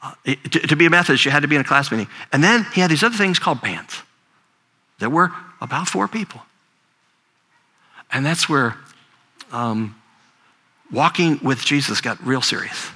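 A man's voice: on the high side, animated, normal speed, long pauses, pushed and bright, slightly rough. An older man, a grandfather, preaching a sermon in a conversational storytelling way, often repeating words as he talks. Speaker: pastor.

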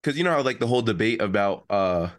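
Young male athlete, relaxed storyteller, voices the quotes, dry room. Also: fairly low pitch, fast talker, no echo. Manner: animated storytelling, acts out quotes. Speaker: college football player. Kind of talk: casual chat.

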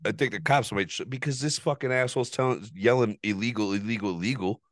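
A man hosting a podcast, telling a story in a casual, profane, animated way and laughing often. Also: medium pitch, fast talker, no room sound, studio quality. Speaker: podcast host.

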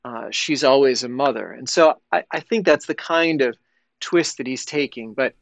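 A man's voice: mid-range voice, normal speed, creaky, dry recording. A man who is a priest, speaking as a podcast guest and thinking aloud as he explains spiritual ideas in casual conversation.

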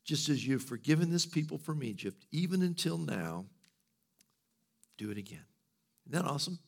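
Middle-aged man preaching, casual and joking, lively storyteller. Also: a little high, moderate pace, vocal fry. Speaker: pastor. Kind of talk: sermon.

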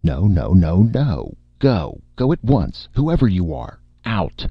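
A man voicing a bombastic, self-important male film director who shouts his lines theatrically, in a dry, slightly muffled recording. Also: a bass voice, big pitch swings, moderate pace, vocal fry, dry recording, full character voice. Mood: roaring.

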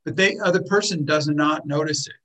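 A man teaching a workshop group in a calm, explanatory way, often repeating words as he thinks. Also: a little high, fairly quick, low-quality recording. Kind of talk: teaching a group, with acted example lines.

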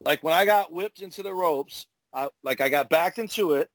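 A man, a former wrestler, telling profane, animated stories in casual podcast chat. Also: fairly high pitch, moderate pace, no echo. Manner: profane, animated storyteller acting out moves. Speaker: retired pro wrestler, podcast host.

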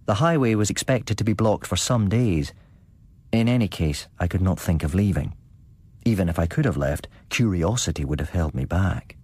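A man narrating a ghost story on his podcast in a measured, suspenseful way. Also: low-pitched, expressive, a little mellow, breathy edge, no room sound. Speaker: podcast host and story reader.

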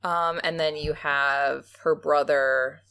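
Woman, podcast co-host, casual chat, low pitch, vocal fry. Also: takes it slowly. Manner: chatty, animated, laughs often. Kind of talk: casual podcast film discussion.

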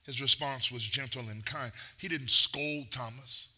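A man's voice: mid-range voice, unhurried, sharp tone. A man preaching a sermon, mixing playful asides and acted-out quotes with rising, intense delivery. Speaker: pastor.

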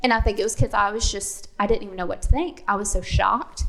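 A woman candidly telling an animated personal story in a casual chat. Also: mid-range voice, quick pace, vocal fry.

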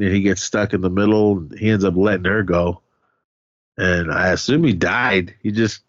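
Rambling low-voiced man recapping a movie. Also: fairly bright tone, no echo, muffled recording. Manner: rambling, lots of fillers, acts out screams. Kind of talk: casual film recap.

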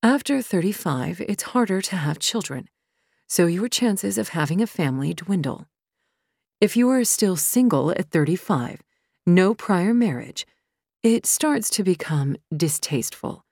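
Woman voicing a polished female retreat leader, low-pitched, even, measured. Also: gravelly, breathy edge, no room sound, clean studio sound, exaggerated voice. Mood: weary. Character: composed woman running a retreat.

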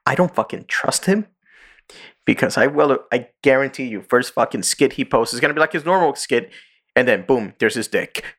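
Animated man telling stories on a podcast. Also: moderate pace. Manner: animated storyteller, jumps into high voices for quoted characters. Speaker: podcast co-host. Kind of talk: casual podcast chat.

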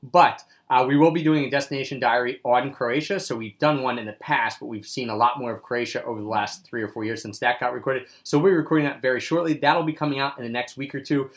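A man's voice: medium pitch, steady tone, fast, few pauses. A man co-hosting a casual travel podcast, upbeat, chatting about a trip and reading sponsor plugs. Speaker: podcast co-host.

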